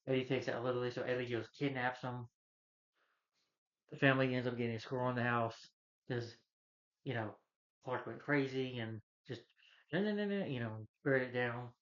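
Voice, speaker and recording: A man's voice: mid-range voice, little pitch movement, moderate pace, long pauses, fairly bright tone. A young man casually recapping a movie, rambling with lots of "you know" fillers. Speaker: movie reviewer. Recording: slightly dull lo-fi recording.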